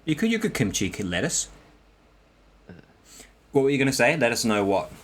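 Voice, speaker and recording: A man's voice: mid-range voice, sing-song, normal speed. A man co-hosting a podcast in casual banter, calling in from abroad, jokey and playful with loose fillers. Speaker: podcast co-host. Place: abroad in Korea, calling in remotely.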